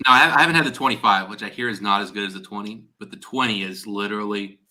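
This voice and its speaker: A man's voice: on the low side, fast, sharp tone. A man chatting casually on a live stream as its host, rambling and restarting his sentences. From Ohio, USA.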